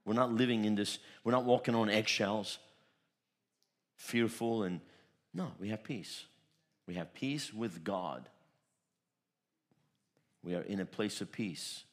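A man with a fairly low voice delivers a sermon as pastor. He leans hard into bold declarations, then drops into quieter, confiding asides. He tells his stories in rolling, repetitive phrases. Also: slow pace, pauses often. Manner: emphatic, swings between loud declarations and soft asides; storytelling with repeated phrases.

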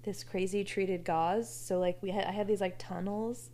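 A woman casually telling a personal story, animated and laughing, acting out what others said. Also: mid-range voice, normal speed. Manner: animated, laughing, acts out quotes.

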